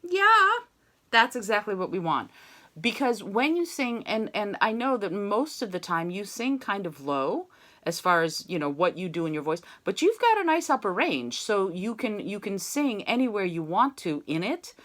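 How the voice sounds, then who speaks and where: A woman's voice: mid-range voice, big pitch swings, normal speed. A woman singing teacher with a mezzo voice, chatty and encouraging as she leads an online voice lesson and sings short demo phrases. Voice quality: mezzo-soprano voice.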